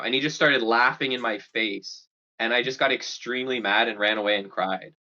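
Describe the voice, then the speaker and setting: An animated young podcast co-host tells a story in casual chat, acting out the quotes as he goes. He has a mid-range voice at normal speed, on a dull lo-fi recording.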